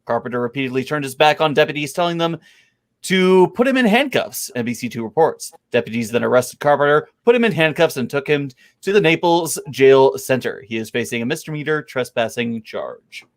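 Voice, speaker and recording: A man's voice: medium pitch, lively intonation, a little fast. A man co-hosting a casual podcast, reading news stories aloud to his friends. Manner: reads stories aloud, laughs along. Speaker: podcast co-host.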